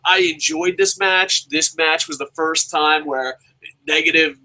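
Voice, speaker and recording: A man reviewing a wrestling show in a casual, profane rant, his pitch leaping up whenever he gets exasperated. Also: measured pace, rough recording. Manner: profane, animated, swears constantly; jumps sharply in pitch when exasperated.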